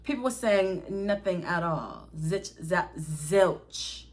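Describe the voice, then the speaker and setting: A young woman. Her voice sits a little low, and she talks to her viewers in an animated way, laughing and swearing often. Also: slow. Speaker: vlogger telling a story. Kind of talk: casual storytime.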